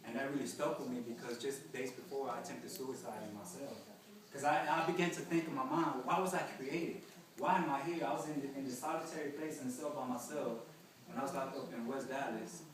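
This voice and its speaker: A man's voice: mid-range voice, fairly even intonation, brisk. A young man giving an earnest personal testimony to a group, talking plainly and often saying "you know.". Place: large echoey hall with an audience. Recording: very echoey hall, distant mic, crowd behind.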